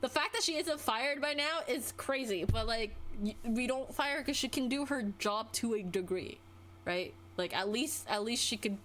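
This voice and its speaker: A woman's voice: moderate pace, fairly bright tone, slight background noise. A young adult woman streamer ranting casually, exasperated, her voice swinging up and down as she vents. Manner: exasperated, venting, with wide pitch swings.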